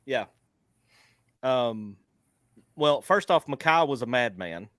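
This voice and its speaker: Laid-back man co-hosting a sports podcast, mid-pitched, dry and close, joking and easygoing. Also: animated, slow pace, a bit bright, dry recording. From Arkansas. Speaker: podcast co-host. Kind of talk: casual sports podcast chat.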